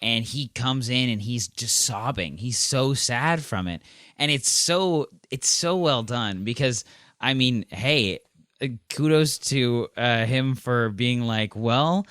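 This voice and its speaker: A man chats on a podcast and retells scenes with animated energy, often pausing on "uh." His pitch is ordinary and mid-range. The sound is close and dry. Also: clear, resonant tone, dry recording. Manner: animated retelling, hesitant "uh" fillers. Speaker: podcast co-host. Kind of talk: casual podcast chat.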